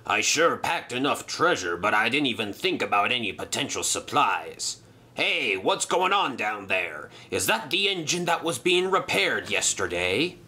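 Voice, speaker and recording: A man's voice: mid-range voice, sing-song, measured pace, sharp tone, husky, heavily acted. A man voicing a greedy male sailor villain who growls and grumbles. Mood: grumbling.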